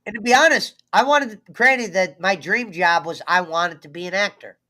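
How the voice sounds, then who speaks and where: A man's voice: high-pitched, moderate pace, sharp tone. Rambling man in casual chat. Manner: rambling, trails off mid-sentence.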